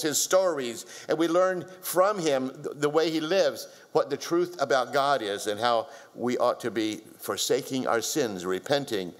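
A man preaching a sermon in an earnest way, building up to strong emphasis. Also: medium pitch. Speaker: pastor.

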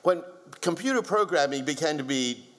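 A man's voice: a little high, animated, normal speed, a bit bright. A man preaching a sermon in an earnest way, building up to strong emphasis. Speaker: pastor.

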